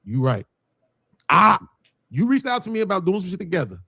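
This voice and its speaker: A man's voice: high-pitched, sing-song, a little fast, vocal fry, sharp tone, breathy edge, no echo, studio quality. A man who runs a panel show, talking bluntly with heavy swearing and acting out what people said. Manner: blunt, profane, acts out quotes. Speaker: panel host. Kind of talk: casual panel talk.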